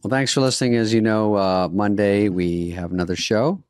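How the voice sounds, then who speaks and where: A man's voice: on the low side, moderate pace, smooth, no echo. A man in his sixties co-hosting a podcast in casual chat, with a dry, offhand delivery. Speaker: podcast co-host.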